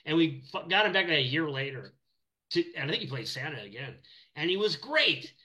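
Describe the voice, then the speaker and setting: A man's voice: a little high, very animated, a little fast, sharp tone, rough recording. A middle-aged man, an animator, chatting casually in an interview and telling rambling anecdotes with many restarts. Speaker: animator guest.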